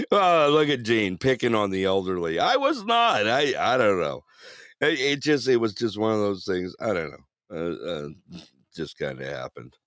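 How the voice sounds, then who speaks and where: Deep-voiced laughing man. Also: a little slow, no room sound, studio quality. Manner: laughing storyteller, animated. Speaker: radio show co-host. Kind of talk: casual chat show banter.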